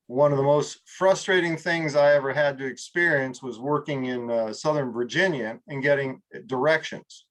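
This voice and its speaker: A man from California leading a group coaching call in a casual, rambling way, full of fillers and restarts, a little tired. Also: mid-range voice. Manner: rambling, many fillers and restarts, acts out slow drawled examples. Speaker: group mastermind leader.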